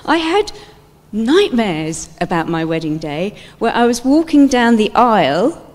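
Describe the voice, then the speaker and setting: A woman giving a sermon-like talk at a church event, telling stories in an animated way and acting out scenes. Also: mid-range voice, unhurried. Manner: animated storytelling, acts out scenes. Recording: long hall reverb.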